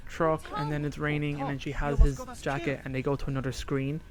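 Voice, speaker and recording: A man's voice: fairly high pitch, level tone, fairly quick. A man co-hosting a podcast, retelling a story casually and acting out quoted lines along the way. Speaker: podcast co-host. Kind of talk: casual chat recapping a story.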